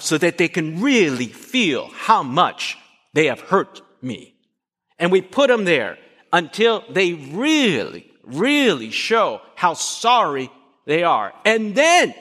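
A man preaching a sermon, asking his listeners questions and acting out short dialogues. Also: on the high side. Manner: animated, asks the congregation questions. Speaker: pastor. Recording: long hall reverb.

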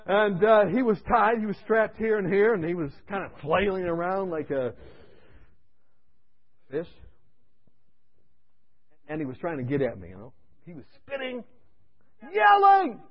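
Animated preacher man telling a story. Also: sits high, normal speed, pauses often, dull audio. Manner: animated, conversational, dropping to a hush for asides. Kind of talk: sermon storytelling.

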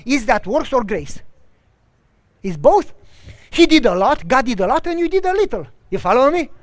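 A man's voice: very high-pitched, sing-song, normal speed, no echo. A man preaching a sermon, telling a story with lots of animation and often checking whether listeners follow him, in slightly non-standard English.

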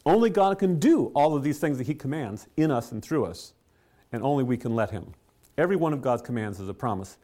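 A man preaching a sermon, telling stories with rhetorical questions and soft chuckles. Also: mid-range voice, animated, fairly quick. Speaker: pastor.

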